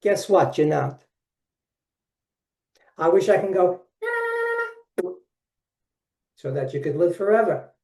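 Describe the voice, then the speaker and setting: A man's voice: fairly high pitch, a little slow, creaky, long pauses, dark tone. A man in his seventies from Brooklyn, New York, with a Brooklyn accent, giving a folksy, upbeat webinar presentation that talks straight to his listeners. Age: 70s. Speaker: workshop presenter. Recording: distant mic in an echoey room.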